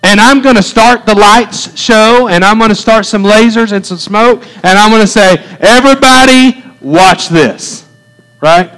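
A man's voice: high-pitched, fairly even intonation, moderate pace, few pauses, a bit bright, clean tone, poor audio. A man preaching as a pastor, full of rhetorical questions and asides to the congregation. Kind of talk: sermon.

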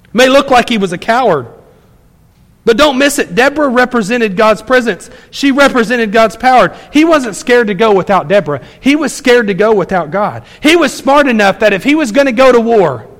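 A man preaching a sermon as pastor, animated, acting out people's replies in quick asides. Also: very high voice, big-room sound.

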